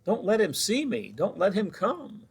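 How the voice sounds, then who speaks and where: A man voicing a frightened little boy in a picture book, with a high, squeaky, panicky voice. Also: wildly swooping pitch, unhurried, slight background noise, heavily acted. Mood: scared.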